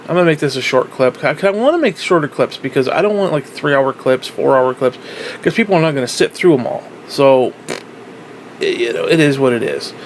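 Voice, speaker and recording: A man's voice: mid-range voice, lively intonation, fairly quick, slight background noise, low-quality recording. A man rambling through a casual vlog monologue, swearing freely and circling back with lots of fillers and restarts. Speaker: vlogger.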